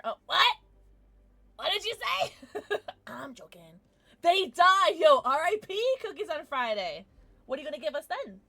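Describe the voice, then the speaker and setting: A giggly young woman chatting with her stream viewers. Her voice sits a little high and swings widely, bubbly one moment and softly mumbling the next. She keeps up a casual, chatty flow with her audience. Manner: jumps between soft mumbles and loud squeals. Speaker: livestreamer. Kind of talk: casual live-stream chat.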